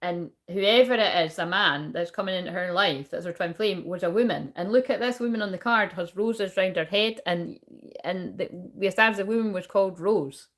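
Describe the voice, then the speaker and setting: A woman's voice: mid-range voice, normal speed. A young woman giving a casual spiritual reading, rambling and swearing often. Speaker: spiritual reader and shaman.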